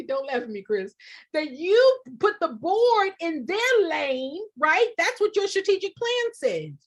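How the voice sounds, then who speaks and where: A woman with a very high voice coaches nonprofit leaders in fiery, preachy bursts. Her pitch swings widely as she repeats lines for emphasis and slips into shouting. She talks straight to her viewers like a live-stream mentor. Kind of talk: passionate live-stream advice talk.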